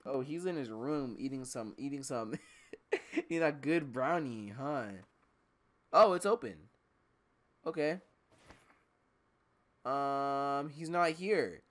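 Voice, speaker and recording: A man's voice: medium pitch, slow, pauses often. A man doing casual let's-play commentary, joking, swearing and laughing to himself as he plays. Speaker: gamer.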